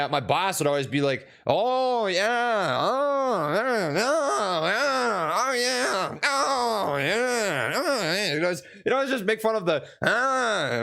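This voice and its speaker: A man's voice: on the high side, a bit bright. Chatty Minnesota-raised male streamer. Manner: rambling, lots of fillers and restarts, answers chat. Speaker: stock market streamer. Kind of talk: casual live-stream chat.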